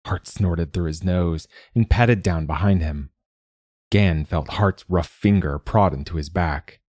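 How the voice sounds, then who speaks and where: A man narrating a fiction story in a measured, even storytelling voice. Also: sits low, no room sound, clean studio sound.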